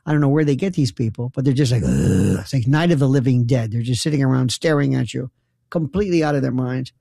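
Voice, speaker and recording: A man's voice: mid-range voice, quick pace, gravelly, dark tone, dry recording, clean studio sound. A man telling incredulous, sarcastic stories in an opinionated monologue. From New York.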